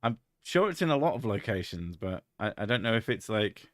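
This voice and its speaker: A man's voice: on the low side, very animated, fairly quick, no room sound, clean studio sound. A man streaming and chatting casually, joking crudely and swearing often. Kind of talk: casual chat.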